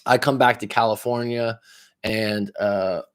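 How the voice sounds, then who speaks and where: A man giving casual coaching advice on a livestream, blunt and profane. He speaks straight to one viewer, swinging between loud emphasis and low asides. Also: fairly even intonation, a little slow. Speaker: life coach.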